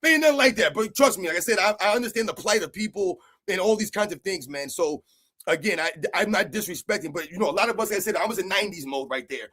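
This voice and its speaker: High-voiced excitable man ranting about sports. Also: fast, husky. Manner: rambling, excitable, peppered with "man" and "like I said". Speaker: sports channel host. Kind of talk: casual solo sports rant to viewers.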